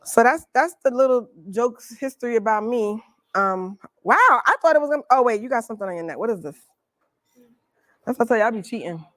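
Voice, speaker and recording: Fairly high-pitched, expressive and fairly bright, this woman talks briskly on a dry recording. Hailing from the Bronx, New York, she teaches a Reiki workshop live in a library room, playful, chatty and laughing often.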